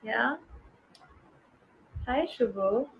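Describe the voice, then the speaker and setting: A woman's voice: on the high side, drawn-out words, creaky, narrow, tinny audio, slight background noise. Affectionate woman live streamer. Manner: affectionate, greets viewers by name, blows kisses; switches between English and Hindi. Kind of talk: casual live-stream chat with viewers.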